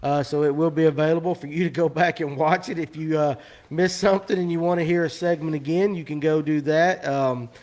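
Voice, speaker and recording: A man's voice: on the high side, fairly even intonation, fairly quick, a little mellow. Joking man hosting a fishing stream. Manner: joking, rambling, teasing guests. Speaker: host of a live fishing show. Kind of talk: casual live-stream chat.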